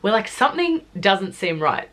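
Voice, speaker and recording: A young woman from Australia in a casual storytime vlog, retelling events in a chatty, animated way full of filler words. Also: medium pitch, moderate pace. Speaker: YouTuber telling a story.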